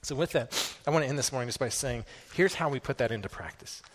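A man's voice: mid-range voice, quick pace, fairly bright tone. A man in his thirties, a pastor preaching a sermon with earnest, repetitive emphatic phrasing.

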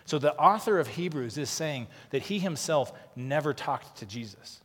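A man's voice: a little high, animated, normal speed, a bit bright, breathy edge, long reverb tail. A man preaching a sermon as pastor, earnest and conversational, often repeating words as he starts sentences.

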